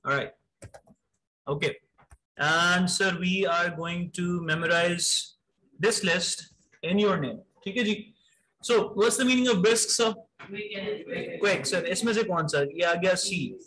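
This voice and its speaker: Guy teaching vocab, highish voice, brisk quizzing, says sir a lot, mixes in urdu. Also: bright, forceful tone, low-quality recording. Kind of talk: live online class, quizzing students.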